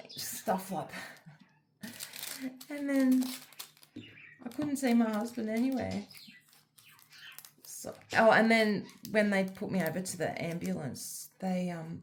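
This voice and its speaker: A middle-aged Australian woman who vlogs about diamond art chats casually while crafting, rambling through a personal story packed with fillers. Her voice sits fairly low in pitch, and a faint hiss or hum runs underneath.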